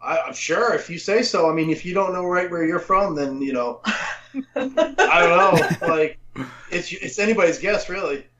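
A man from the Boston area cohosts a podcast in loose, joking banter, cursing casually and laughing often. His voice sits a bit high. The sound is dull and lo-fi. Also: a bit bright. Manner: joking, swears freely, quick to laugh. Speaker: podcast co-host.

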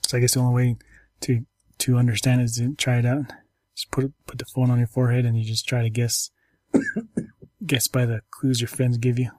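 Halting, flat-voiced man hosting a chat. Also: mid-range voice, dry recording. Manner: halting, many ums and restarts. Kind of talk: casual chat reviewing apps.

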